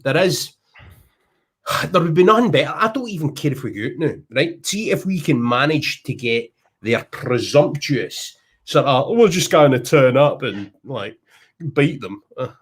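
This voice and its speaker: Chatty Scottish man, husky voice. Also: mid-range voice. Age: 30s. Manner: chatty, self-deprecating, animated storyteller. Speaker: podcast host. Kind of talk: casual podcast chat.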